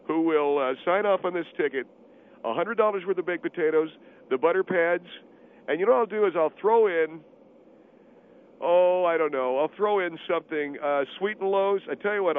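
A man's voice: fairly high pitch, voice pushed up, natural voice. A man voicing an arrogant middle-aged restaurant owner who pushes bribes of food and brushes callers off. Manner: arrogant, pushy, bargaining. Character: boastful middle-aged male steakhouse owner. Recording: tinny phone line with faint hiss.

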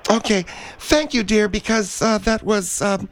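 A man's voice: high-pitched, fairly even intonation, unhurried, dry recording. A man hosting a radio show, rambling and hesitant with many fillers.

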